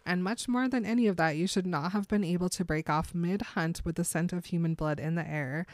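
A woman's voice: lowish voice, a little fast, no echo, natural voice. A woman voicing an earnest young male vampire who explains things in amazement.

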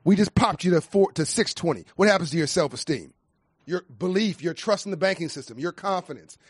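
Man, high-pitched, impassioned panel speaker with a rousing, repetitive cadence, very dry close sound. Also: lively intonation, a little fast, breathy edge, dry recording. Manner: emphatic, preacher-like cadence with repeated phrases. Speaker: nonprofit founder speaking on a panel.

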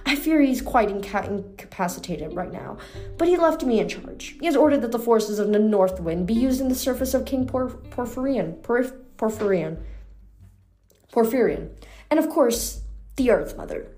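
A woman's voice: fairly high pitch, animated, moderate pace, warm tone, soft background music, close to an everyday voice. A woman voicing a cold, scheming snow goddess who sneers and purrs. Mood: smug. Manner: sneering, purring.

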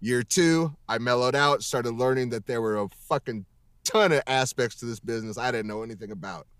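A man's voice: medium pitch, fairly quick, fairly bright tone, clean tone, no room sound, studio quality. A man in a casual interview, talking emphatically and rambling with heavy swearing, over a video call. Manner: emphatic, profane, rambling with restarts. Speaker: voice actor guest.

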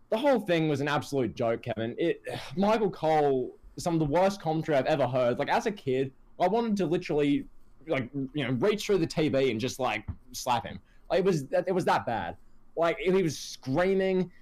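A man co-hosting a casual wrestling chat, ranting animatedly. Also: on the high side. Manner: animated ranting, quotes others in put-on voices. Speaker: podcast co-host.

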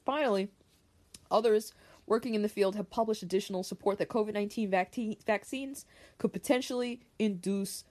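A woman's voice: medium pitch, a little fast, a little mellow. A woman hosting a solo podcast, ranting in a heated, profane way and repeating her points for emphasis while she reads an article aloud and comments on it. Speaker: podcast host.

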